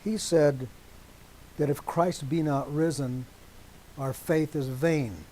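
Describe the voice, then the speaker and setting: A man preaching a teaching sermon to a congregation, deliberate and emphatic, stopping often to check that his listeners agree. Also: on the high side, fairly even intonation, dark tone, slight background noise, poor audio.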